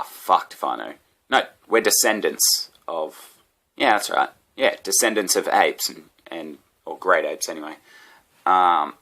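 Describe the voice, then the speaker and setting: Low-voiced and sharp-toned, this Australian man is a comedian going off on a rambling, sweary story, breaking into laughs at his own digressions in a loose comedic rant.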